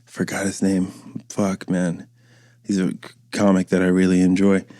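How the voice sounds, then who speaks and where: A man's voice: deep voice, completely flat delivery, normal speed, warm tone, no room sound, studio quality. A man in his thirties hosting a podcast, telling loose, profane stories and acting out quotes in a casual monologue. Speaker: podcast host.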